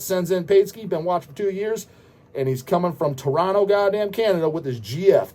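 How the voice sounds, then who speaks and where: A man's voice: fairly high pitch, animated, fairly quick, mellow. A man hosting a show, answering viewer questions in a profane, ranting casual style. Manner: profane, ranting, repeats goddamn. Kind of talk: casual rant.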